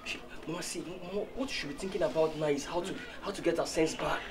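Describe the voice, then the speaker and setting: An actor plays a young son, soothing and pleading, with a slightly high voice. He speaks softly to calm his mother. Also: fast talker, background noise, close to an everyday voice. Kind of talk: Nollywood film acting.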